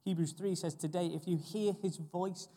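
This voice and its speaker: A young man delivers an earnest sermon, repeating key phrases for weight. His voice sits a touch high yet sounds dark and mellow. The recording carries a long reverb, as in a large church. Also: steady tone, moderate pace. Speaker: preacher.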